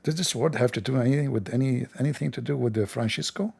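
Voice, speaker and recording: Gravelly sarcastic livestream host. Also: male voice, mid-range voice, fast talker, darkish tone. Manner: sarcastic, mocking asides.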